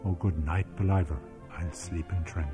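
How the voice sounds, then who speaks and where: A middle-aged Irish man, a radio producer, reading his childhood memoir in a measured, lyrical way. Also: low-pitched, fairly even intonation, over loud music. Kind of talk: scripted memoir narration and on-location chat.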